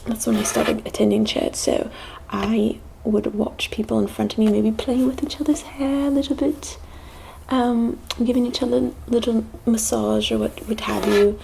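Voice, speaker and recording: A woman from the United States telling a story in a soft ASMR whisper, using a put-on British accent. Her tone is mellow and dark, with a gravelly fry beneath the hushed words. She speaks hesitantly and pauses often. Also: a little high, fairly even intonation, slight background noise, poor audio. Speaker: ASMR channel host.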